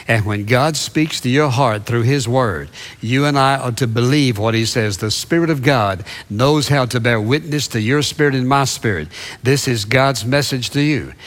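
A man's voice: mid-range voice, a bit bright. A man preaching a sermon, retelling Bible passages in a storytelling way with asides to the listeners.

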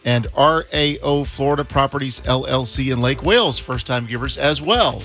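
A man's voice: mid-range voice, normal speed, fairly bright tone, faint music behind. A man co-hosting a radio fundraiser, chatty and jokey while thanking donors by name. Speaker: radio co-host.

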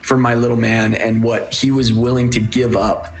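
A man and father being interviewed, emotional and halting as he searches for words. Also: mid-range voice, little pitch movement. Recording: echoey room sound.

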